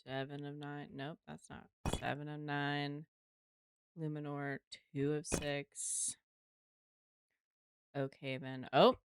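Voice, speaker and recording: A woman's voice: sits low, little pitch movement, slow, pauses often, slight background noise. A woman streaming a game live, chatting casually to her viewers, swearing freely and talking to herself as she plays.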